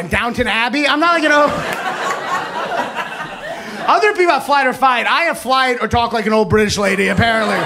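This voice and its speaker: Man doing stand-up, very high voice, lively swings, live club recording with noisy audience laughter. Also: creaky. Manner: animated, mock-indignant, acts out characters in quick bursts. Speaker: stand-up comedian. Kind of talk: stand-up comedy set. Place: comedy club stage. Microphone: handheld stage mic.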